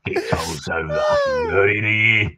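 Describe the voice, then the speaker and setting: A man voicing a gruff, swearing townsman from a game, his accent wandering as he reads. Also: on the low side, wildly swooping pitch, moderate pace, very noisy. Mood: grumbling. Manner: curses constantly, drifting between accents. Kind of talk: reading game dialogue aloud.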